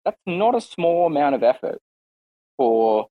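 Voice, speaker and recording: A man chatting casually on an online voice call, rambling and relaxed with lots of fillers and restarts. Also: a little high, a little slow, no room sound, phone-quality sound. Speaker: participant in an online audio chat room. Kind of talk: casual chat.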